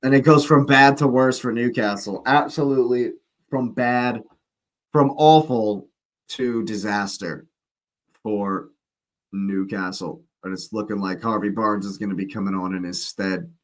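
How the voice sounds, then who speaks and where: A man with a lowish voice hosts a football watch-along, calling the play live in an unhurried way. His casual match commentary is chatty, full of exclamations and slangy asides.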